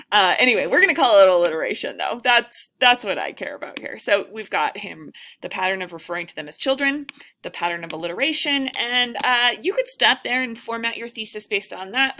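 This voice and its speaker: Bright-voiced woman teaching, thinking aloud. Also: on the high side, slight background noise. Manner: casual, self-deprecating, thinks aloud with many fillers. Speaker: writing instructor. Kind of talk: recorded lecture.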